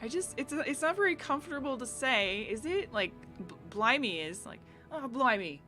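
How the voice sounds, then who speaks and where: A woman's voice: high voice, expressive, normal speed, bright, forceful tone. A woman from the United States chatting casually with viewers on a live stream, bubbly and giggly as she reads chat aloud and riffs on it. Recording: faint game music behind.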